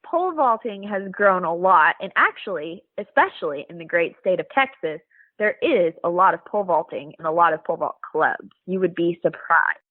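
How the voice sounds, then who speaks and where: A woman's voice: on the low side, moderate pace, no echo. Bubbly young woman over a phone line. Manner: bubbly, laughs often, animated storytelling. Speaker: guest, Olympic pole vaulter.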